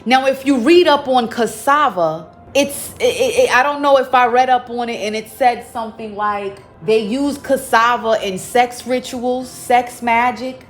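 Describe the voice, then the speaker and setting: A woman giving a spiritual card reading to viewers, dramatic, with loud exclamations and emphatic repetition. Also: on the high side, measured pace, few pauses. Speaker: psychic card reader. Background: faint background music.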